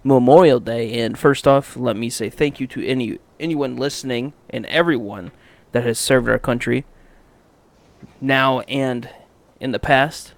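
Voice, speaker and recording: A man runs a relaxed podcast chat, blunt and upbeat in his opinions. His voice sits at an ordinary pitch and comes across dry, with little room sound. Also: unhurried, creaky, no room sound. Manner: upbeat, blunt, laughs between remarks. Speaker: podcast host. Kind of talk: casual wrestling review chat.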